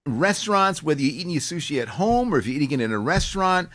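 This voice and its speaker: A middle-aged man, hosting a casual chat show and telling stories with lively mimicking. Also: quick pace. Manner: animated storyteller, jumps into high mimicking voices. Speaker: host.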